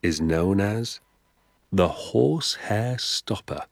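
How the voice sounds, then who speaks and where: A man doing a secretive, eager father in an audiobook, his voice deep and husky as he leans in to share a family secret. He speaks in a hushed, confiding way and often sinks into a whisper. The sound is close and dry. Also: expressive, slow pace, dry recording, heavily acted. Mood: hushed explaining. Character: secretive, enthusiastic middle-aged father. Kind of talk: audiobook character voice.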